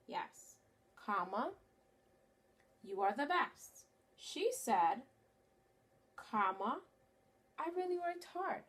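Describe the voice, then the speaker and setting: A woman teaching a phonics lesson to young children, speaking clearly and encouragingly. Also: fairly high pitch, a bit bright. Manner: slow, clear and encouraging, stretches key words.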